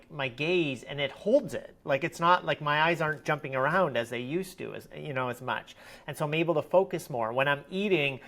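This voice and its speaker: A man's voice: medium pitch, a bit bright. A man who runs a research lab, speaking as a podcast guest in a reflective, searching way, often restarting his sentences. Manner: thoughtful, searching, many restarts. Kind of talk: reflective conversational interview.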